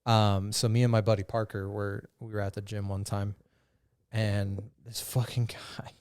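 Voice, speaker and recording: A man's voice: on the low side, little pitch movement, moderate pace, darkish tone, smooth, dry recording, clean studio sound. A man co-hosting a podcast in casual chat. He tells stories with crude jokes and laughs as he goes. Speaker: podcast co-host.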